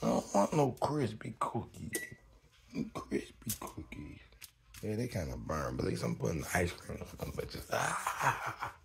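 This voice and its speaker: A man hosting a livestream, talking off the cuff in a profane, animated monologue that swings between loud outbursts and low mutters. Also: normal speed, vocal fry, slight background noise. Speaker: livestream host.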